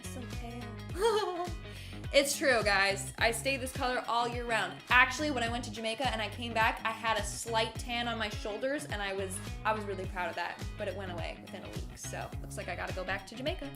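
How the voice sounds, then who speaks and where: A woman's voice: fairly high pitch, fairly even intonation, fast, music in the background. A woman hosting a clip reaction video, chatting casually with slang and giggles. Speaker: host reacting to clips.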